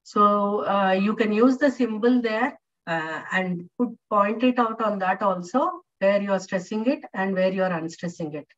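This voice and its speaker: A woman's voice: medium pitch, normal speed. Woman lecturing over distant lo-fi audio. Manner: patient, repetitive teaching with frequent fillers. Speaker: English lecturer. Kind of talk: online class lecture. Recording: distant, dull lo-fi online audio.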